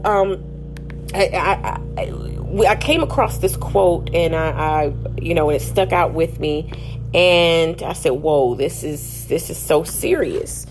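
A woman's voice: fairly low pitch, poor audio. A woman in her thirties hosting a faith podcast, talking earnestly and emphatically in a preachy way, with many restarts. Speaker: podcast host. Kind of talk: faith-based podcast monologue.

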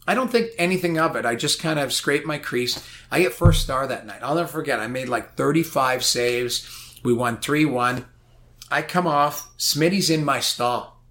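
A man telling a long anecdote in a casual chat, animated and rambling, full of "like". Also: mid-range voice, moderate pace, a little hiss or hum. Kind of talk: casual storytelling.

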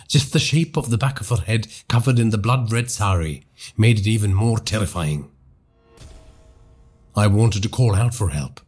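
A man narrating a horror story for a podcast in a hushed, dramatic storytelling manner. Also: medium pitch, husky.

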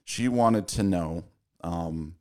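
A man from Utah hosting a podcast, talking in a relaxed, casual way. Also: deep voice, slow. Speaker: podcast host. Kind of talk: casual podcast chat and read ad.

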